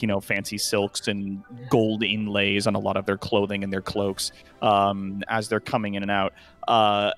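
A man's voice: lowish voice, fairly bright tone. A man narrating a tabletop role-playing game as game master, rambling with lots of fillers.

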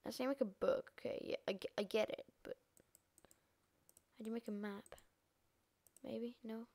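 A woman's voice: fairly high pitch, steady tone, normal speed, a little mellow, no room sound. A woman giving rambling, sweary let's play commentary. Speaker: gamer.

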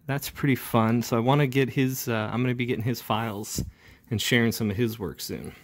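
Speaking fairly quickly at a medium pitch, a man who inks comics narrates a laid-back ink-along. He shows each step as he works, talking casually with frequent filler words.

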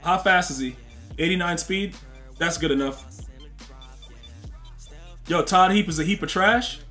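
Slangy high-voiced man streaming a game. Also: fairly bright tone. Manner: trash-talking, slangy, talks to chat. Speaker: gaming streamer. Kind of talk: casual live-stream commentary.

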